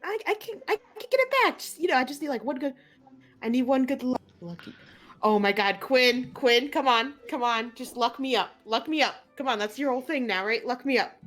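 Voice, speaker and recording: A woman's voice: on the high side, brisk, a bit bright, soft background music, lightly acted. A woman voicing a desperate young male gambler who pleads and stammers through excuses in a tabletop role-playing game. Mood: begging.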